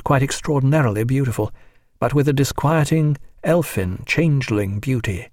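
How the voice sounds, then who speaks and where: A man narrating a novel in a measured, even audiobook reading. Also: mid-range voice, dry recording, clean studio sound. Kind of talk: scripted narration.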